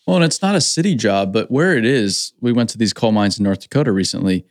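A man's voice: on the low side, expressive, fast talker, no echo, studio quality. A man hosting a casual conversation, enthusiastic and upbeat, often saying "like".

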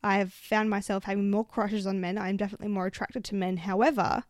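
A woman in her 20s, a vlogger, tells casual stories into a handheld mic, chatty and full of swearing and "like" fillers. Her mid-range voice moves quickly with fairly even intonation, recorded clean in a studio with no echo.

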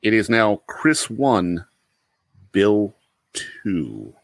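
A man playing as a contestant in a casual podcast quiz game, hesitant and excitable, full of fillers. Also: lowish voice, very slow, gravelly, dry recording.

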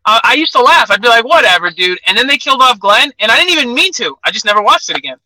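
A man's voice: very high-pitched, sing-song, fast talker, pushed and bright, dry recording, poor audio. A young man chatting casually as an interview guest, telling stories with lots of "like". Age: young adult. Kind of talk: casual chat.

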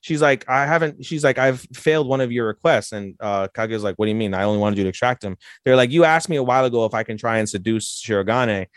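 Excitable swearing man recapping anime. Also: no echo, studio quality. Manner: excitable, swears a lot, acts out characters in quick high voices. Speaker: podcast co-host. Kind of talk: casual anime recap chat.

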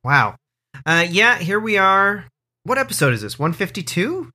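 A man's voice: high voice, very animated, normal speed, pushed and bright. A man co-hosting a comedy podcast, chatting loosely and joking with his co-host. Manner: loose, rambling, jokey. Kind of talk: casual comedy podcast chat.

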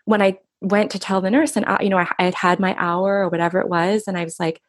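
A middle-aged woman speaking softly and reflectively in an intimate interview, often pausing and restarting her sentences. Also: medium pitch, fairly even intonation, no room sound, clean studio sound. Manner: soft, reflective, halting with restarts. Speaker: guest recounting her husband's death.

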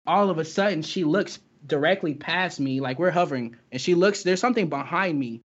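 A man's voice: a little high, lively intonation, husky. Young man telling a tale in lo-fi sound. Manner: halting, heavy with fillers and restarts. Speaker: guest telling his own experience. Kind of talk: casual storytelling. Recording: dull lo-fi recording.

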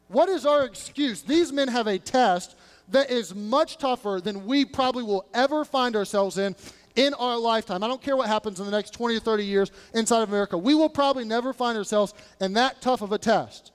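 A man with a strikingly high voice preaches a sermon, slipping into casual modern speech to dramatize the scripture. His voice rings out with a long reverb, as if captured in a large church sanctuary. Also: brisk, smooth. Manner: animated preaching, acting out biblical characters in casual modern speech. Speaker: pastor.

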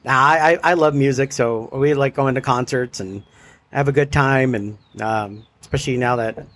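A man's voice: mid-range voice, normal speed, fairly bright tone. An easygoing man chatting casually with a friend. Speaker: conversation partner. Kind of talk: casual chat. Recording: faint background noise.

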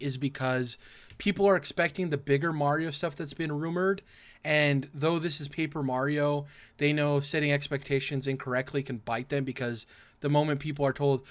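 A man hosting a casual gaming podcast, his throat rough and raspy from acid reflux, leading segments and asking his co-hosts questions. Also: on the high side, moderate pace. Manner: runs the segments, asks the panel questions. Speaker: podcast host.

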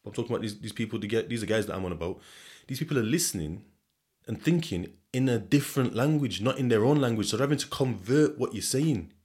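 A man's voice: mid-range voice, animated, fast talker, darkish tone. A young man from Sheffield with a Sheffield accent, hosting a podcast in a loose, rambling monologue, swearing freely and chuckling often. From Sheffield, England. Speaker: podcast host.

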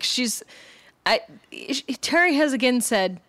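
A woman's voice: medium pitch, animated, dry recording. Laughing woman podcast co-host, dry mic. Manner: laughs often, acts out characters' lines in quick voices. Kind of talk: casual chat recapping a TV episode.

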